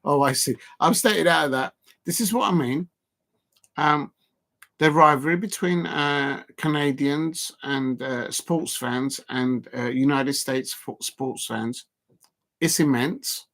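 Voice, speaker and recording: Speaking slowly in a fairly high voice, this excitable middle-aged man commentates a football match live for his viewers. He chats loosely, reacts to each moment, reads out the chat and talks straight to his audience.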